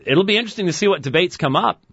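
A high-pitched man hosts a call-in webcast from a studio, talking casually with sarcastic asides. He's lively, with quick quips and chuckles, and the recording sounds dull and dry with no room sound.

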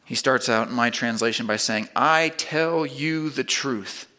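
A man preaching a sermon, emphatic, building to loud repeated stresses and then dropping low and quiet. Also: measured pace.

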